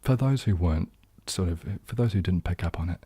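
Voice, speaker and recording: A young New Zealand man with a low, dark, husky voice and an accent that drifts toward southern English. He chats casually on a live stream, rambling through ums and false starts in a self-deprecating way. The sound is close and dry. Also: expressive, brisk, no room sound. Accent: New Zealand, leaning southern English. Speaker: ASMR streamer hosting a live chat.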